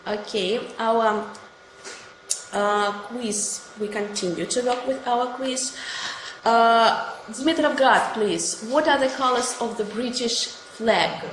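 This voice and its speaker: A woman teacher whose first language is Russian, speaking English with a Russian accent and quizzing students in an online class, encouraging and quick to praise each answer. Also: on the high side. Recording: echoey room with faint noise.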